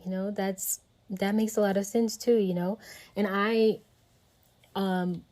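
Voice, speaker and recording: A woman's voice: medium pitch, steady tone, slow, darkish tone. A woman hosting a casual podcast conversation, talking reflectively and meandering with many fillers. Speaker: podcast host.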